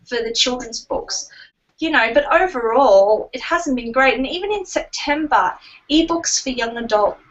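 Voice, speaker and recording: A woman's voice: on the high side, a bit bright, far from the mic, poor audio. A woman co-hosting a casual book-news podcast, chatting and rambling while she cites figures. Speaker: book blog co-host.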